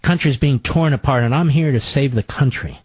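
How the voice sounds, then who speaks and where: A man's voice: medium pitch, normal speed, a little mellow, husky, no room sound, lightly acted. A man mimicking a smug, pompous senator. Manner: pompous, self-congratulating. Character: self-important male senator, smug and preening.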